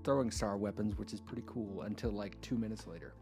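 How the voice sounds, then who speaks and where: Podcast co-host over guitar music. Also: male voice, fairly low pitch, fast, warm tone. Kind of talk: casual chat recapping a video game.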